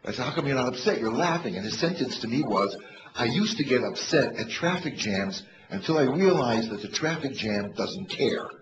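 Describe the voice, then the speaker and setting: Older man, stage motivational comedy, animated storytelling, roomy hall echo, noisy dull recording. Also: medium pitch, normal speed. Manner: animated storyteller, bursts into shouts to rouse the crowd. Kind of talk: stand-up motivational talk. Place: stage in a large hall with a live audience. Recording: echoey, dull live hall recording with noise.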